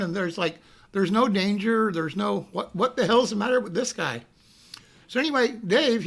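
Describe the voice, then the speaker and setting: A middle-aged man with a high, gravelly voice tells a rambling anecdote in a loose, casual way. His tone is very bright and sharp, and he keeps checking in with the listener while acting out the quotes loudly. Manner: rambling, repeats "you know what I mean", acts out quotes loudly. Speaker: storyteller.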